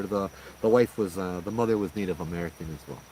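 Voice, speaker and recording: A man, casually retelling a paranormal encounter as host, in an animated, conversational way. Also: sits low, fast talker, few pauses, a little hiss or hum, poor audio. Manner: animated, conversational retelling with frequent "you know" and "right?". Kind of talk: casual spoken ghost story.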